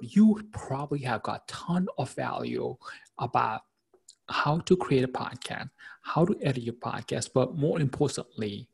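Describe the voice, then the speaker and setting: Male podcast host, husky and upbeat, gushes warmly in casual interview chat. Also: mid-range voice, sing-song, normal speed. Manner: upbeat, effusive, laughs often.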